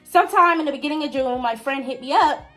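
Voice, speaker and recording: A young woman talks fast as she tells her viewers a story, chatting casually and speaking straight to them. Her pitch jumps sharply when she gets excited, and soft music plays in the background.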